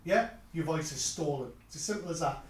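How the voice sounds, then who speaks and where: A Geordie man speaking to a live audience about technology, with emphatic, punchy phrasing. His voice sits fairly high and sounds distant. It rings with the reverb of a large echoing hall. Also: lively intonation, brisk. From North East England. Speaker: tech conference speaker. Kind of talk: live presentation. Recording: echoey hall, mic heard from afar.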